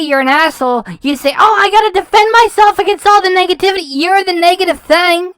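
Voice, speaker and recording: A woman's voice: sits high, fairly bright tone, no echo, poor audio. A woman giving a scathing, sarcastic reaction commentary, mocking and swearing, tripping over her words when she gets heated. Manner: mocking, sarcastic and profane, stumbles when worked up.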